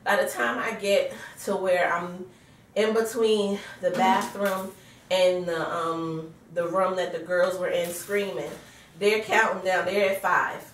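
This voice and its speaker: A pregnant woman in her thirties, tired, telling a lively home story on her vlog and acting out what everyone said, with laughs. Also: on the low side, unhurried, far from the mic, a little hiss or hum. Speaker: vlogger. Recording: roomy sound from away from the mic.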